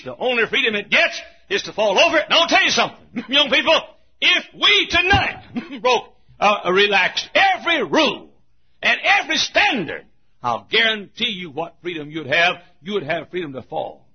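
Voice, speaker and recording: Husky man preaching in a church, high and wildly animated delivery that shouts then drops to a hush, dull lo-fi recording. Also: moderate pace. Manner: emphatic preaching, swinging between shouts and hushed asides. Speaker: pastor. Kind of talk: sermon.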